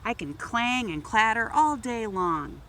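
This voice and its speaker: A woman voicing cheerful talking toys in a children's storybook, calling out eagerly in a high voice. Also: lively intonation, a little slow, bright, forceful tone, a little hiss or hum.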